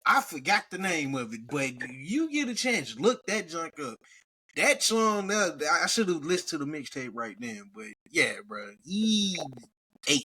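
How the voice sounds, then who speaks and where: A man's voice: on the high side, very animated, measured pace, bright, forceful tone, breathy edge. A man co-hosting a podcast, talking casually and loosely about music, often stopping and restarting. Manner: laid-back, hesitant with restarts and slang. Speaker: podcast co-host. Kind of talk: casual chat.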